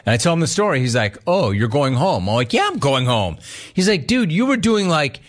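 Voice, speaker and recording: A man on the radio telling a casual story, acting out the people in it with lively swings in his voice. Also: medium pitch, fairly quick. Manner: animated, acts out both sides of the story. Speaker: radio host.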